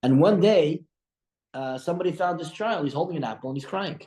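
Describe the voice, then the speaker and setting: A rabbi leading a breakfast study group, retelling old stories with animated energy and many restarts. His voice sits fairly high for a man. The room gives it a noticeable echo. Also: a little fast. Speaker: rabbi teaching a study class. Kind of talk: storytelling religious lesson. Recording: echoey room.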